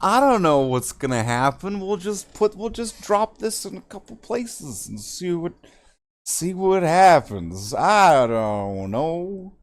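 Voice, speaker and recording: A man's voice: high voice, big pitch swings, slow pace. A man from Canada hosting a casual livestream while he paints models, rambling, self-mocking and repeating words as he goes. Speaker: hobby streamer.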